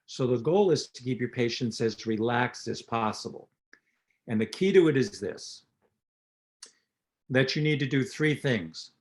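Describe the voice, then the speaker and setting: An older man talks in a relaxed interview, mixing anecdotes with plain teaching. He is a dentist and lecturer, and he acts out the lines of the people in his stories. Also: medium pitch. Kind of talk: storytelling interview talk.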